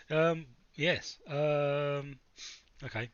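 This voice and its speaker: A man's voice: a little high, steady tone, extremely slow, pauses often, lo-fi sound. A man playing a tabletop game who jokes and swears casually. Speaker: player.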